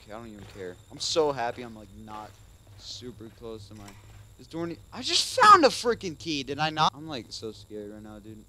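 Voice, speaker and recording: A man hosting a gaming video, commenting casually as he plays, calling out "dude" often and swinging between muttering and loud frustrated outbursts. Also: medium pitch, very animated, brisk, slight background noise, rough recording. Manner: casual, keeps saying "dude". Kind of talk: let's play commentary.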